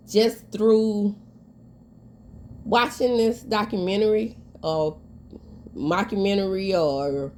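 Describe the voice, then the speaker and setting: A woman's voice: mid-range voice, darkish tone, a little hiss or hum. A woman, giving casual, emphatic commentary with a stuffy nose. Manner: candid, emphatic, sassy. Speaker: commentary vlogger.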